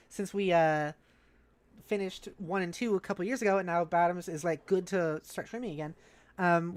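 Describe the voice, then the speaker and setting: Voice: mid-range voice, dry recording. A streamer casually reading a webcomic aloud and rambling about it between lines. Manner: chatty, rambling, lots of "like". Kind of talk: casual read-along of a webcomic.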